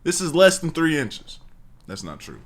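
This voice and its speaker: A man's voice: a little high, normal speed. A man in casual reaction commentary, talking emphatically and repeating phrases for effect. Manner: emphatic, repeats himself, bright and lively.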